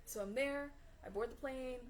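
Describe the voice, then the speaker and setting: Brief: woman vlogger, pitch a touch high, animated storyteller, frequent laughs and "like" fillers. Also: normal speed, slight background noise. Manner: chatty, animated, laughs often mid-sentence; heavy use of "like" and "you know" as fillers. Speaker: vlogger on manifesting. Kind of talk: casual storytelling to camera.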